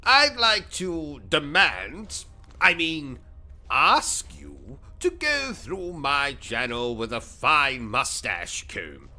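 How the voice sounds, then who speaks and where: Playing a pompous, exaggerated comic character, this British gaming channel host rants and swaps insults during his livestream commentary. He speaks on the high side with huge pitch swings, drawn-out words, and a sharp tone.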